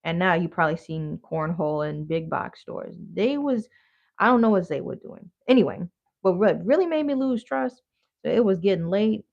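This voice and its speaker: Woman, from Wisconsin, casual storytelling, blunt and chatty, gravelly voice, muffled lo-fi recording. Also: lowish voice, animated, moderate pace, darkish tone. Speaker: vlogger. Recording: dull lo-fi audio.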